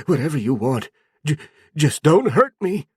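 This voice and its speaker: A terrified young sorcerer stammers out his words in a high, strained voice, as a male narrator puts him on. The sound is dry and close, as in a storybook reading. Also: sing-song, unhurried, mellow, slightly rough, dry recording, heavily acted. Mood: panicked. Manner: stammering, high-pitched panic.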